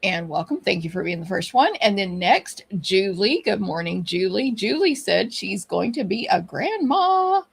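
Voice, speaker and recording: A woman's voice: mid-range voice, big pitch swings, a little slow, creaky, few pauses, husky. A middle-aged woman with a Texan accent hosts a casual live stream, chatting and greeting viewers one by one by name. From Texas. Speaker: livestream host and papercraft teacher.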